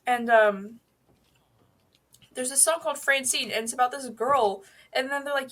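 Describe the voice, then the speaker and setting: Woman streamer bright, slightly high voice, rambling casual gaming chat, drops swears, reads and answers chat. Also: normal speed.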